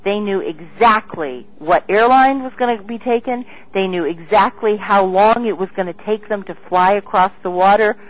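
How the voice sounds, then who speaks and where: Excitable woman on a dull lo-fi radio line. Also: medium pitch. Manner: rambling, excitable, with many restarts. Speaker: guest. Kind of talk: interview.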